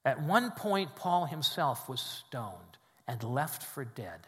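A man preaching a sermon in a church, swinging between loud emphatic peaks and quiet, low drops. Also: very animated, slow pace, in a large hall. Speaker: pastor. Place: church sanctuary with congregation.

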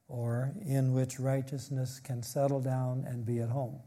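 A man's voice: mid-range voice, unhurried, few pauses, dark tone. A man preaching an expository sermon, reading scripture aloud and explaining it with emphasis.

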